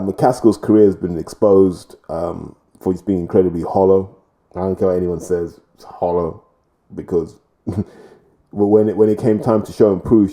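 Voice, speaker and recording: A man talks through his views in a casual commentary vlog, blunt and opinionated, wandering from point to point. His voice sits fairly low and sounds deeply dark and mellow. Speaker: boxing commentator.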